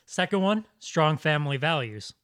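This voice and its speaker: A man's voice: fairly high pitch, expressive, normal speed, fairly bright tone, slight background noise. A man on a podcast, casually reading items off a list. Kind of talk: casual chat.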